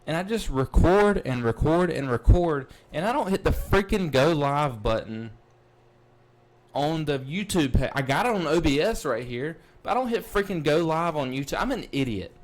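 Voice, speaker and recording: A man hosting a wrestling recap livestream, talking casually, excitable and blunt, swearing freely. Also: on the high side, moderate pace. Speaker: podcast host.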